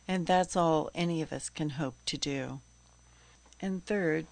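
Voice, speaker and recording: A woman hosting a health radio show, speaking in an earnest, steady, informative way. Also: low voice, no room sound. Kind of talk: scripted radio talk.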